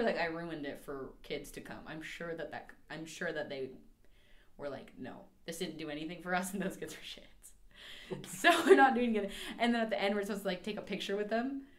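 A woman's voice: sits low, reverberant. A young adult woman co-hosting a podcast, telling a story in casual chat with laughs and mimicked quotes. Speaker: podcast co-host.

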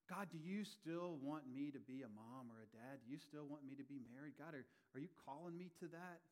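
Animated male preacher, higher voice. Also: brisk. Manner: animated, rising and falling in volume, acting out quoted voices. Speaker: pastor. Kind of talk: sermon.

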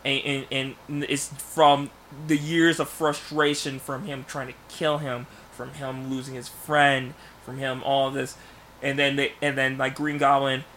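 Guy rambling thru a movie idea, bright tense voice, bit of hiss behind. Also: mid-range voice, little pitch movement, unhurried. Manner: rambling storyteller, many restarts, bursts of loud acted lines. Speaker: podcast co-host. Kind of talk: casual chat.

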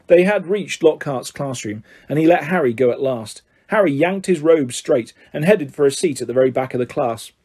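A man's voice: fairly high pitch, warm tone, breathy edge. A man narrating a story aloud, reading steadily with small slips and restarts. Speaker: audiobook reader.

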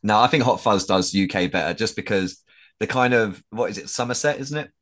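A man co-hosting a film podcast, chatting casually and teasing the others with quick questions. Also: fairly low pitch, crowd noise. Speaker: podcast co-host.

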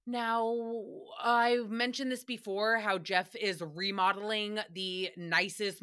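A woman's voice: mid-range voice, bright, forceful tone. A woman hosting a podcast, recapping a show in casual, sarcastic chat and swearing freely. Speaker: podcast host.

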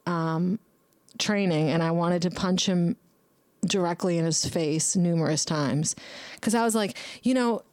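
This young woman hosts a podcast monologue, rambling bluntly, cursing heavily and scolding herself by name. Her voice is fairly low, smooth and a little mellow, on a dry recording.

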